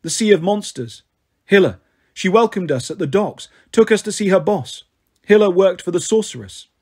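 Man as wry teen boy demigod, flippant, husky. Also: high voice, expressive, normal speed, a little mellow, heavily acted.

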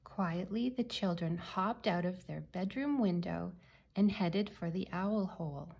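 Woman storyteller for a children's book, unhurried and gentle, a gravelly, husky tone. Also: fairly low pitch. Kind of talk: reading a picture book aloud.

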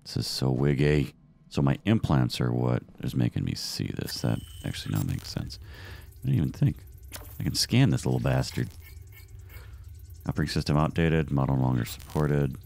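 A man's voice: a bass voice, very animated, normal speed, creaky, a little mellow, a little hiss or hum. A man hosting a let's-play, reacting with profane, jumpy commentary. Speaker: gaming host.

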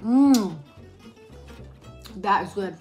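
A woman hosting a casual snack-tasting vlog, talking in an excited, bubbly way. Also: medium pitch, drawn-out words, faint music behind. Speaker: vlogger host.

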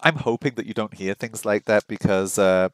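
With a lowish voice at a normal pace, a streamer learning a language works through a casual study session, thinking aloud, repeating phrases many times, and joking about his errors. The audio is dry and clean as a studio, though his mic picks him up only weakly.

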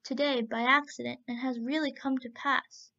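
A woman reading the lines of a gentle young man who speaks in a soothing, earnest way in a storybook tale. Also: high voice, steady tone, moderate pace. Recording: muffled lo-fi recording.

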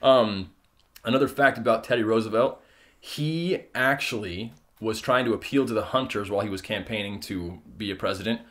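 A man co-hosting a podcast in casual, laid-back chat, often laughing and pausing on fillers. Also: lowish voice. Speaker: podcast co-host.

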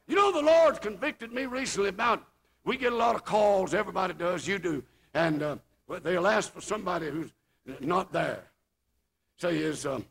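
An older man preaching a revival sermon in a folksy way, rising into shouts. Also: high-pitched, expressive, moderate pace, creaky, slightly rough.

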